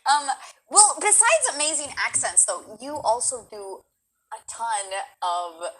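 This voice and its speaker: A woman's voice: fairly high pitch, big pitch swings, unhurried, fairly bright tone, slightly rough, poor audio. A woman interviewing a guest from home, gushing with praise and swearing casually.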